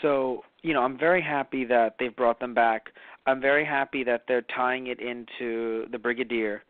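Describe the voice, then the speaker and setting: A man chatting casually as a podcast co-host, rambling through his points with animated swings. His voice sits mid-range. It comes through dry and tinny, like a phone line. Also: medium pitch, moderate pace, no room sound. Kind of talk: casual review chat.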